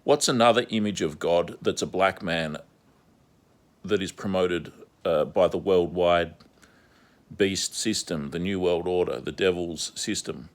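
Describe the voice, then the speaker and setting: A man's voice: low-pitched, measured pace. A man delivering a repetitive, insistent monologue as an online commentator. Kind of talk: ranting monologue vlog.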